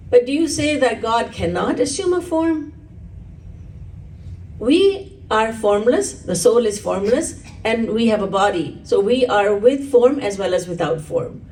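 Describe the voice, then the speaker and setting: A woman's voice: a little high, warm tone, recorded from a distance, rough recording. A woman spiritual teacher giving a religious discourse, explaining earnestly and telling stories.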